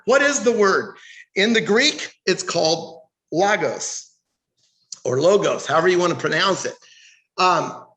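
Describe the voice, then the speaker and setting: An American man teaches a Bible study like a sermon, emphatic and fond of rhetorical questions. His voice sits high for a man. It echoes around a roomy church hall. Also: a bit bright. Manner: emphatic, reads scripture aloud and asks rhetorical questions. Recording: echoey room.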